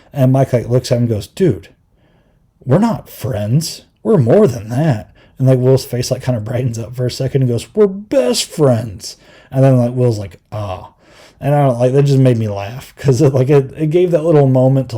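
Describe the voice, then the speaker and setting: Young man, podcast host, very dark mellow tone, rambling casual chat, mid pitch. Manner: rambling, filler-heavy, acts out quotes.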